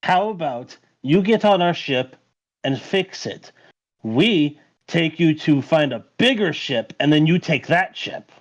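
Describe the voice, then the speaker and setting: A man's voice: a little high, lively intonation, unhurried, dull audio. A man playing a tabletop game, negotiating in character in a hesitant, polite way. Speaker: player.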